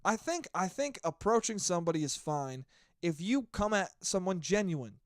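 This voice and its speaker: This podcast host in his twenties speaks in a high-pitched voice at a moderate pace, ranting alone in an animated, foul-mouthed, rambling way for a casual monologue. The sound is clean studio audio with no room sound.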